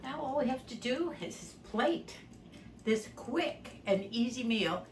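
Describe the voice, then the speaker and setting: A woman's voice: sits high, lively intonation, takes it slowly, slight background noise. A woman in her eighties, chatty and homey, talking through a cooking demonstration in her home kitchen. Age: 80s. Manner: chatty, homey, talks through each step. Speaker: home cook vlogger.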